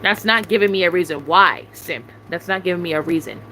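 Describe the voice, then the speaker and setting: A woman's voice: on the low side, a little fast, bright, forceful tone, slight background noise, rough recording. A young adult woman venting angrily at someone, demanding answers over and over with heavy swearing. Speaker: YouTuber venting on a live stream. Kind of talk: angry venting rant.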